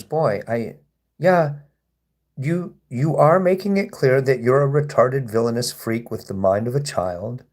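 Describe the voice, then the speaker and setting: A livestreamer with a mid-range, darkish voice reads viewer comments aloud and replies to them. He taunts, provokes and swears at his hecklers.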